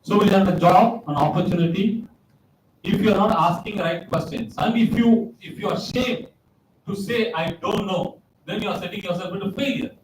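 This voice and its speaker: A man's voice: high voice, moderate pace, slight background noise. Man speaking in an echoey hall. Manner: anecdotal, repeats key phrases for emphasis. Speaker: guest speaker. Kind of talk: motivational talk to students. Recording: roomy echo, distant mic, faint ambience.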